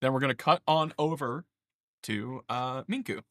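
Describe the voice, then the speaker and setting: Brief: male game master, casual narration, bright tone, dry close sound. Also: medium pitch, moderate pace, no echo. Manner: casual, laughing, lots of uh fillers.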